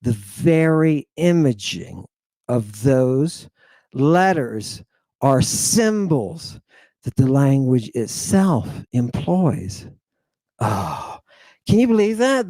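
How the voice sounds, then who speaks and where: A man giving an animated, playful language lesson, slowly repeating words for his students to drill. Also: mid-range voice, no echo. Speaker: teacher.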